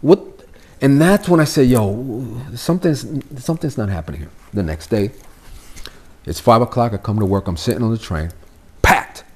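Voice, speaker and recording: A man's voice: medium pitch, normal speed. A middle-aged man from Miami, of Cuban family, telling stories as a podcast guest in a loose, swearing style and acting out the voices. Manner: animated, swearing, acts out the voices in his stories. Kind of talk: casual storytelling chat.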